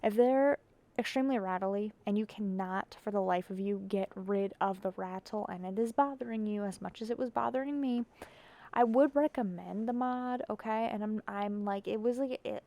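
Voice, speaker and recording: Woman, casual vlog, rambling, giggly, tired late-night talk, mid-pitched voice. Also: steady tone, moderate pace, mellow, no echo. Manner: rambling, giggly, self-mocking. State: sleepy. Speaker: keyboard hobbyist vlogger.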